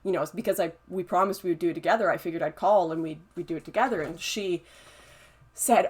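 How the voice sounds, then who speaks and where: A woman's voice: fairly low pitch, fast talker, breathy edge. A young adult woman hosting a casual livestream, chatty and laughing often as she reads and answers chat comments. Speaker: livestream host reading chat.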